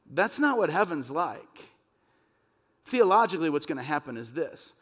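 A man's voice: a little high, big pitch swings, normal speed, fairly bright tone. Impassioned male pastor in reverberant hall. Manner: impassioned, rising to emphatic peaks. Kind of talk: sermon. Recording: long reverb of a church hall.

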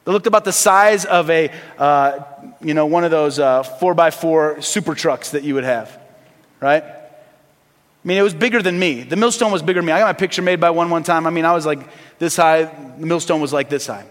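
A man preaching a sermon as pastor, swinging between loud emphasis and hushed, earnest asides. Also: a little high, a little fast, long reverb tail.

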